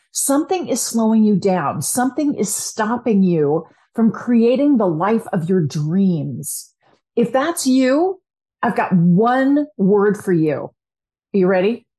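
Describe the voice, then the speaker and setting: A podcast host and coach gives an energetic motivational self-help talk, speaking straight to the listener and staying upbeat and encouraging. Her voice sits slightly high, jumping much higher when she acts out what people think or say.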